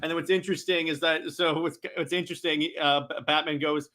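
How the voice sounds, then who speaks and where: A man giving an excitable, rambling recap of a comic, full of restarts. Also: a little high, a little fast, few pauses. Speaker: comic reader.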